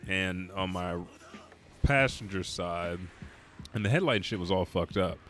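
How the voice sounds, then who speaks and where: A man's voice: low voice, unhurried, a bit bright, a little hiss or hum. Tired, profane, rambling young man. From Oklahoma, US. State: tired from staying up all night. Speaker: gaming streamer. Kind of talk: casual storytelling while playing.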